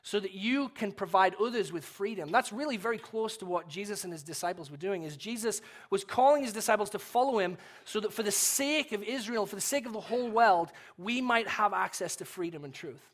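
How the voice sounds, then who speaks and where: A young adult man with an English accent, preaching a sermon in a relaxed, conversational, storytelling way with self-deprecating humor. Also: high-pitched, brisk, few pauses. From England. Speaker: pastor.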